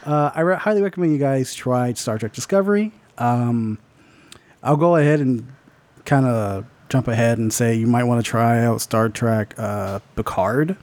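A man's voice: medium pitch, normal speed, darkish tone. A man co-hosting a casual movie podcast, joking around and laughing often. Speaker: podcast co-host.

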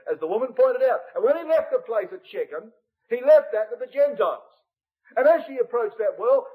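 Man preaching a bible study, high voice, pitch all over the place, keeps saying brethren and sisters. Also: narrow, tinny audio. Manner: expository, addresses brethren and sisters, varies loudness widely.

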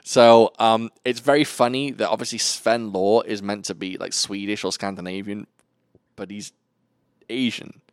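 A man's voice: fairly low pitch, steady tone, normal speed, clear, resonant tone, no echo, studio quality. A man hosting a podcast, recapping a film in a chatty, joking way. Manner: chatty, jokey, meandering recaps. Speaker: podcast host. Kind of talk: casual film discussion.

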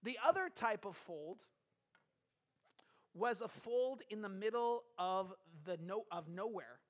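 A man's voice: high-pitched, lively intonation, slow. A man preaching a conversational sermon as a pastor, explaining a scripture passage and putting rhetorical questions to his congregation.

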